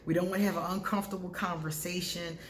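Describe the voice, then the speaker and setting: A woman vlogger giving casual, candid astrology advice to camera, talking freely and breaking into loud laughter. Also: lowish voice, flat delivery, fast, reverberant, a little hiss or hum.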